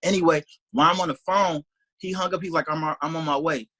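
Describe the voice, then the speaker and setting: A young salesman from Detroit, appearing as an interview guest, races through a casual story in a bright, forward voice with a husky edge. He rambles animatedly, says "like" constantly, and acts out the voices of people he quotes. The fast-paced recording is dry, close, and rough, with no room sound.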